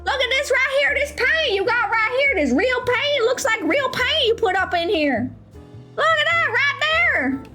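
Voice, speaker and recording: A woman's voice: very high-pitched, sing-song, normal speed, over loud music, pitched above the performer's own voice. A woman putting on a folksy Southern drawl. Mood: excited. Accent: put-on Southern U.S. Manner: drawling, folksy, dropped words.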